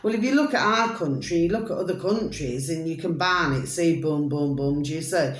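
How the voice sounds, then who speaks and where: A woman's voice: low voice, moderate pace, echoey room. A British woman vlogging in a rambling, chatty monologue, full of pet phrases and sing-song asides. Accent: British English. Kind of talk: rambling casual monologue to camera.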